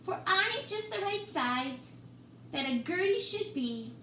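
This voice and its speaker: A woman's voice: very high-pitched, big pitch swings, slow, sharp tone, slight background noise, pitched above the performer's own voice, full character voice. A woman voicing a small young female yak, hopeful and brave, in a wide-eyed, sweet storybook voice. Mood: content. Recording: roomy room echo.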